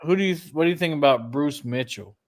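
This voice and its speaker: A man co-hosting a relaxed chat, amused and prompting the other with questions. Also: a little high, fast talker. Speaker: co-host. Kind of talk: casual chat.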